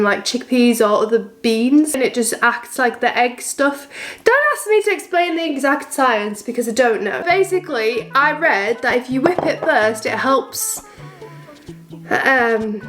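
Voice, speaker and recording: A woman's voice: on the high side, a bit bright. A woman in her twenties chatting through a baking vlog in her home kitchen, rambling with self-mocking asides. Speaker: vlogger.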